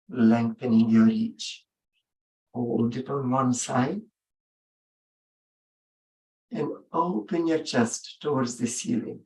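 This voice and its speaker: A man guides a yoga session in an unhurried, soothing way, leaving long gaps between his short cues. His voice sits in a middle pitch and sounds set back from the microphone, in a roomy space with a clear echo. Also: recorded from a distance. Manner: gentle, unhurried spoken cues with long pauses. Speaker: yoga instructor.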